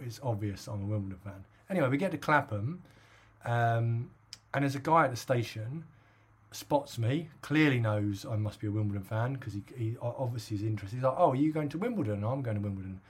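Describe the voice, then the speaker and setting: Man, middle-aged, from England, husky, rambling, casual chat. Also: mid-range voice, a little fast. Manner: rambling storyteller with many fillers and laughs. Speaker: podcast co-host.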